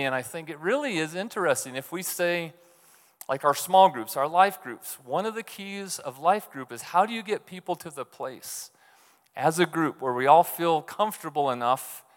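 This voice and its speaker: A man's voice: fairly high pitch, fairly bright tone. A man preaching a conversational sermon, telling stories and often checking in with the congregation with "right?". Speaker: pastor. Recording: long reverb of a large hall.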